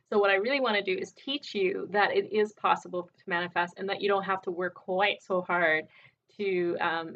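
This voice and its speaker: A woman working as an energy healer, calmly and gently coaxing the listener through a guided healing meditation. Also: mid-range voice, dull audio. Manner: calm, gently coaxing, often says "all right" and "beautiful".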